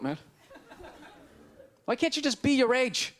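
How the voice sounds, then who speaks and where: The Boston-accented comedian, a middle-aged man, drops into a slow, sing-song delivery in a very high voice while ranting brashly and mocking the crowd. It's a live club recording from a comedy stage, with a handheld stage mic and crowd noise audible.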